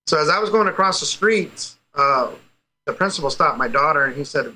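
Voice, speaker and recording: A man's voice: a little high, a little fast, creaky, pushed and bright, slight background noise, poor audio. A man, a father being interviewed, telling a story with energy and acting out the quoted dialogue. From United States. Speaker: guest, parent. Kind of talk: casual interview over a call.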